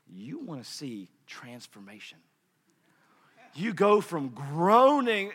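A man in his thirties preaching a sermon, swinging between hushed murmurs and shouted peaks. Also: a little high, huge pitch swings, takes it slowly, husky. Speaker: pastor. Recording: long hall reverb.

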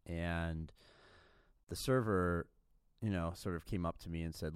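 A man's voice: sits low, measured pace, long pauses, clean tone, no room sound, studio quality. A man guest on a podcast, telling a story in a laid-back, chatty way with lots of fillers. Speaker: restaurateur guest.

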